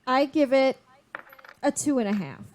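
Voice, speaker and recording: A woman co-hosting a podcast in casual chat, tossing in playful quick quips. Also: high-pitched, lively intonation, a little mellow, a little hiss or hum. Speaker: podcast co-host.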